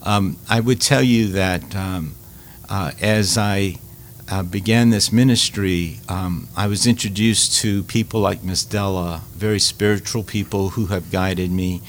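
Low voiced guy, stumbles and repeats himself a lot, tells stories, bit of hum behind. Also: steady tone. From Louisiana. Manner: halting, repeats words, many fillers. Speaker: Catholic food ministry leader. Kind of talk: casual interview storytelling.

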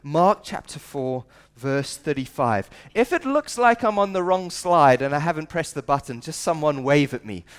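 A man's voice: fairly high pitch, expressive, moderate pace, hardly any pauses, smooth. A middle-aged man preaching a sermon at a church service, earnest and conversational, asking rhetorical questions. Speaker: pastor.

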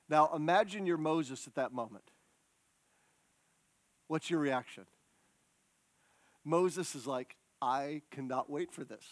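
A man preaching a sermon in a lively, humorous storytelling way with quick restarts. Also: fairly high pitch, no echo.

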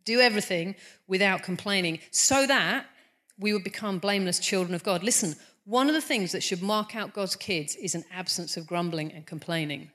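A woman's voice: medium pitch, moderate pace, fairly bright tone. A middle-aged woman preaching a sermon in an earnest, conversational way, often restarting her sentences and poking fun at herself. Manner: conversational, earnest, self-deprecating, frequent restarts.

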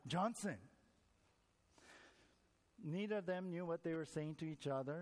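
A man preaching a sermon in a loose, conversational way, asking his listeners questions and breaking off to tell jokes. His voice sits a touch higher than most men's. Long reverb from a big hall trails behind him. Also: a little mellow. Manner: conversational, tells jokes, asks the congregation questions. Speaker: pastor.

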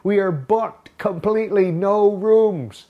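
A man's voice: sits high, slow, lo-fi sound, pitched above the performer's own voice. A man putting on a curt hotel desk clerk. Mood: flatly refusing.

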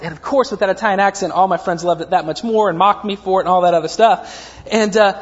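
A pastor in his thirties preaches a sermon in a church sanctuary, telling a story sprinkled with humorous, self-mocking asides. His voice sits high and he talks fast. The recording is lo-fi, echoey, and dull.

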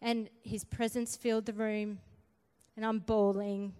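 Slow, smooth woman preaching in a hall. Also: mid-range voice, little pitch movement. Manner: quiet and subdued in the story, rising to forceful exhortation. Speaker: preacher giving testimony. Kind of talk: sermon.

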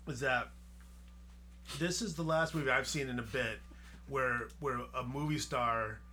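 A man co-hosting a casual podcast, building his points slowly and thoughtfully. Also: medium pitch, sharp tone, a little hiss or hum. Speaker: podcast co-host. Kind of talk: casual group discussion.

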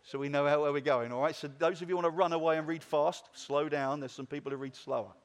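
A man preaching a sermon as pastor, then leading the congregation through a slow, measured recitation. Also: on the high side, fairly even intonation. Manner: earnest, leads a slow, paced group recitation. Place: church hall. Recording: long reverb of a church hall.

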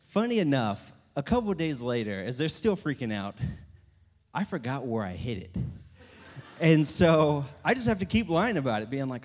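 A young man telling funny stories to a live audience in a church setting, animated and self-mocking as he acts out what people said. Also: fairly high pitch, normal speed. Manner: animated, self-mocking storyteller acting out quotes. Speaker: church speaker. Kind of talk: storytelling talk to a live audience. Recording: long hall reverb.

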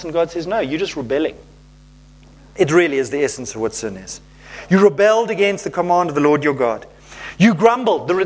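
A man preaching a sermon as pastor, reading scripture and acting out playful little voices. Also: high voice.

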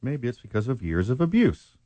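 A man co-hosting a sports radio show, talking in sarcastic, deadpan banter. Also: mid-range voice, brisk, dry recording. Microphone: studio microphone.

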